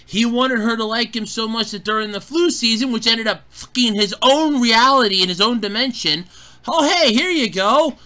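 A man's voice: very high-pitched, normal speed, sharp tone. A man ranting in an exasperated, sarcastic review, swearing freely as he talks. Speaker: show reviewer.

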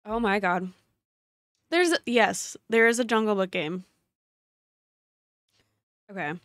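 A woman streamer talking to her viewers during a live game stream, excitable, often gasping and exclaiming. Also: mid-range voice, slow, dry recording, studio quality. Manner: chatty, addresses her viewers directly.

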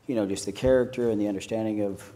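A young adult man with an Irish accent, an actor chatting on a panel stage and telling jokey, animated stories. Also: fairly low pitch, very fast. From Ireland. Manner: lively storyteller, jokey and animated. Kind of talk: casual panel chat. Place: panel stage at a screening venue.

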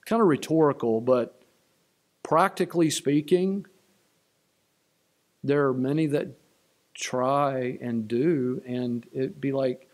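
A man's voice: mid-range voice, slow pace, pauses often, a little mellow. A man preaching a sermon as pastor of his church, emphatic and repeating key lines. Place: church sanctuary.

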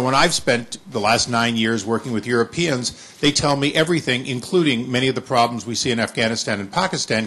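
A man with a husky voice speaks from the audience at a forum. He makes his point earnestly, restarting a few phrases as he goes. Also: mid-range voice, fairly bright tone. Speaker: audience member. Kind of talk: question from the floor.

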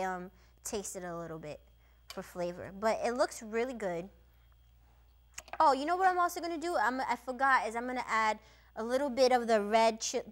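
A woman's voice: on the high side, fairly bright tone. A young woman hosting a cooking show, chatting casually and telling a travel story while she cooks, with lots of "like" and "you know".

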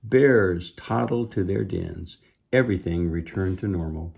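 A man reading a children's book aloud, adding gentle asides to explain the lesson. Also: sits low, measured pace, creaky, highs cut off. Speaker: reader.

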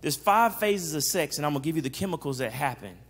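A psychologist giving an animated faith-based teaching talk. He keeps checking in with the audience and acts out the lines he quotes. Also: a little high, fast talker, big-room sound.

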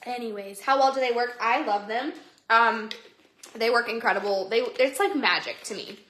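A woman hosts a casual phone livestream from home, chatty and bubbly, greeting viewers by name. Her voice is high, bright and sharp. The room around her echoes. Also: moderate pace. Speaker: livestream seller. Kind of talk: casual livestream sales chat.

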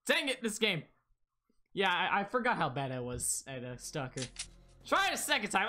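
Excitable, animated game streamer. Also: medium pitch, brisk, faint music behind. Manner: excitable, yelps and laughs, talks to chat. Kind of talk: live gameplay commentary.

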